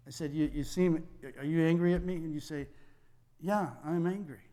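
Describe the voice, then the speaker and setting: Male pastor, fairly high voice, conversational sermon with acted dialogue, long church reverb. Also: steady tone, brisk, mellow.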